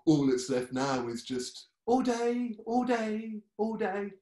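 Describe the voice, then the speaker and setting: A man puts on a brash British male nurse who is chatty and cheeky. His voice swings loud and lively as he mimics others, and the room echoes. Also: high-pitched, takes it slowly, voice pushed up, heavily acted. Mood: fond.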